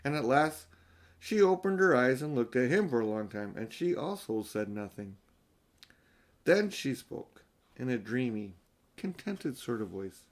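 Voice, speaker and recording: An older man narrating a children's audiobook in a gentle, expressive, grandfatherly way. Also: mid-range voice, unhurried. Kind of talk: storybook narration.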